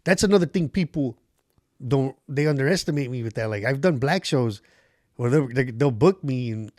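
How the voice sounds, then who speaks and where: A man's voice: mid-range voice, animated, moderate pace, a little mellow, dry recording, clean studio sound. A man, a comedian guest on a podcast, telling stories in casual chat, swearing a lot and acting out the voices of people in his anecdotes. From Los Angeles area.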